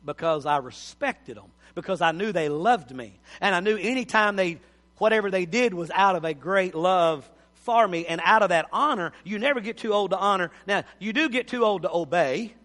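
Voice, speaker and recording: A man's voice: high voice, expressive, normal speed, fairly bright tone. A man, preaching a folksy sermon as pastor and often repeating words for emphasis. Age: 50s. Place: church sanctuary. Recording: long church hall reverb.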